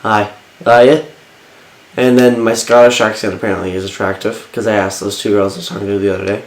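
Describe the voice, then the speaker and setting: A man's voice: lowish voice, flat delivery, fast, reverberant, slight background noise, poor audio. A man co-hosting a casual chat podcast, playful and teasing, laughing often. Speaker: podcast co-host.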